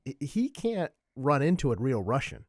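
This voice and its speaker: A man hosting a podcast, recapping stories with quick enthusiasm. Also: medium pitch, very animated, no room sound, clean studio sound. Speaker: podcast host. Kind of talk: casual chat.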